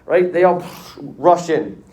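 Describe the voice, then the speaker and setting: A middle-aged man teaching a history class in a casual, joking way, often slipping into quick voices for the people in his story. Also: on the high side, lively intonation, a little mellow. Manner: jokey storytelling, acts out quick character voices. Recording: echoey classroom, voice from far off.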